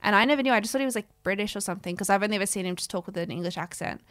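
A woman's voice: medium pitch, very fast, a bit bright, dry recording, clean studio sound. A young woman co-hosting a podcast in casual chat, playful and chatty, who acts out the quotes she tells. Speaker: podcast co-host.

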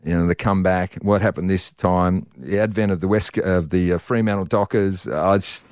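A man's voice: low voice, brisk, no echo, studio quality. A middle-aged Australian man telling stories in casual chat as a podcast guest, acting out voices with laughs. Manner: animated storyteller, acts out voices with laughs. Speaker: podcast guest, sports presenter.

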